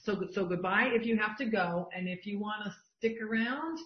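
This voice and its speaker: A woman's voice: medium pitch, moderate pace. Enthusiastic woman coaching over a video call. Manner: enthusiastic, emphatic, reads from shared lists. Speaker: business coach. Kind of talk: online group coaching session. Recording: dull, roomy video-call audio.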